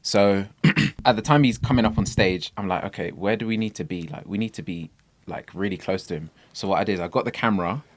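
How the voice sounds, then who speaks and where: Excitable young man with a lowish voice. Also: a little fast, no room sound. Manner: excitable, animated retelling. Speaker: podcast guest, camera operator. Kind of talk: casual storytelling chat.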